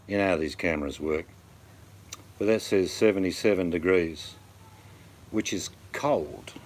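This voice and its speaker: A middle-aged man with an Australian accent chats casually on a livestream. His voice sits a bit low. He rambles between topics with sardonic jokes and asides. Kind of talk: casual chat.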